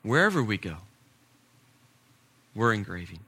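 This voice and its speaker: A middle-aged man preaching a sermon as a pastor, telling stories and building to emphatic points before dropping his voice low. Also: sing-song, a little slow, slightly rough. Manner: storytelling preacher, rising to emphasis then dropping soft.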